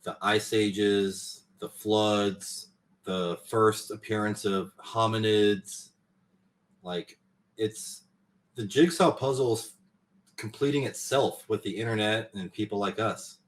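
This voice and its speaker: A man with a low voice talks easily as a podcast co-host. He explains ideas loosely and pads his sentences with fillers. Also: steady tone, slow. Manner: easygoing, explanatory, filler-heavy. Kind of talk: casual podcast chat.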